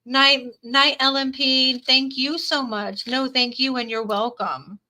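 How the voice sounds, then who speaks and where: A woman's voice: sits high, steady tone, slow pace, bright, forceful tone. A woman reading tarot on a live stream, who repeats her phrases and reads viewers' comments aloud. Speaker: tarot reader.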